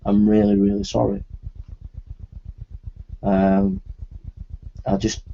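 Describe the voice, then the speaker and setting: A man speaking in an apology video, halting and repeating his words as he apologises earnestly. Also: lowish voice, dark tone, muffled recording, a little hiss or hum. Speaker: video maker.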